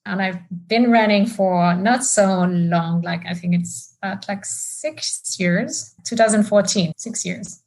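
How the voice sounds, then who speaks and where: A woman's voice: mid-range voice, slow pace, few pauses, a little mellow, low-quality recording. A woman with a French accent speaks as a podcast guest. She talks casually and chattily, with frequent fillers, in her thirties or so. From France. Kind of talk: podcast interview.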